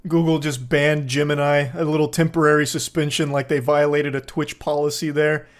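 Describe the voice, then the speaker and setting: Wry man with a higher voice. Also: little pitch movement, moderate pace. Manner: dry, wry delivery laced with profanity and jokey asides. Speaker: commentator host. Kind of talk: casual commentary reacting to news.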